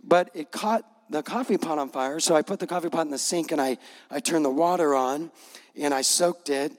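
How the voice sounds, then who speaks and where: A man with a high voice preaches to his congregation, telling the story with humor and slipping into voices for the people in it. His words ring out with the long reverb of a large hall. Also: normal speed. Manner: animated storytelling with acted-out voices. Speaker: pastor. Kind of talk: sermon.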